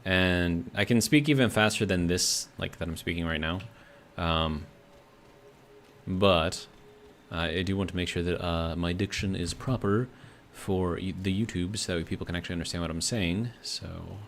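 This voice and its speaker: A man's voice: low voice, moderate pace, a bit bright, a little hiss or hum. An American man casually commenting on a video game he plays and reading out chat messages, rambling with lots of fillers. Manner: rambling, thinks aloud with many fillers. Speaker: streamer.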